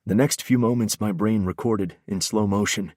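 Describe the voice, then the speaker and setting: Man, very deep low voice, first-person audiobook narration, brooding and intense, dry close mic. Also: steady tone, normal speed, darkish tone, no room sound.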